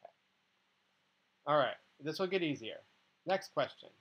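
A man's voice: fairly high pitch, animated, normal speed, fairly bright tone, slightly rough, dull audio. A man teaching a biology tutorial, patiently working through problems step by step and often checking in with the listener. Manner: patient, explains step by step, checks in with "okay" and "right". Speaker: biology instructor. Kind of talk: tutorial walkthrough.

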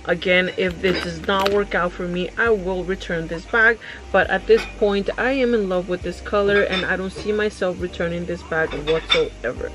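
A young woman vlogging at home, chatty and excitable, gushing to her viewers as she unboxes. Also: on the low side, normal speed, poor audio. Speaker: beauty vlogger. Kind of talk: casual unboxing vlog.

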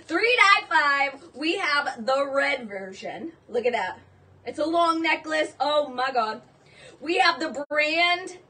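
High, gushing woman selling jewelry. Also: slow, recorded from a distance. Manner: gushing, excitable, exclaiming. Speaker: live jewelry sale host. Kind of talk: live-stream selling.

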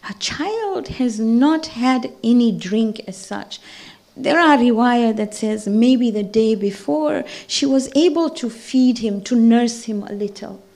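A woman's voice: fairly high pitch, lively intonation, slow pace, dark tone. A woman leading a ladies' mourning gathering, narrating a tragic religious story with impassioned storytelling that rises and breaks with grief. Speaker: zakira leading a ladies majlis. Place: mosque hall.

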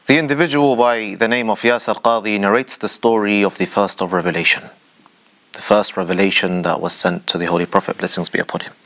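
A man's voice: on the low side, steady tone, brisk, bright, forceful tone. A man hosting a religious commentary show, speaking in a rhetorical way, addressing the audience directly with dramatic emphasis. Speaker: show host.

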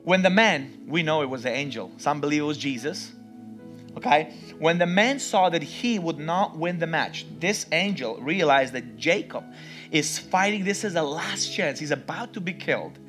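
A man preaching a sermon in a church, acting out the story with sudden shouts and hushed passages. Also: fairly high pitch, expressive, moderate pace, soft background music. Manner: dramatic, acts out voices, swings between loud and hushed. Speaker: pastor. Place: church with live music underneath.

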